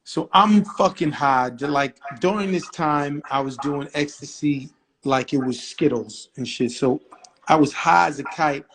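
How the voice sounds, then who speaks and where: A middle-aged man recounts an old story as an interview guest. His voice sits a little high, and he talks in a brash, profane, animated way, acting out the other people's lines. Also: a little slow, a crowd in the background, low-quality recording.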